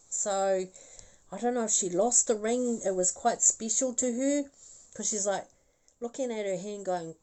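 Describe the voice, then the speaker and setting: A woman giving a live psychic reading, talking slowly in a mellow, relaxed voice. She rambles chattily, breaks into laughter and apologizes as she goes. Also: medium pitch, poor audio. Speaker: psychic medium.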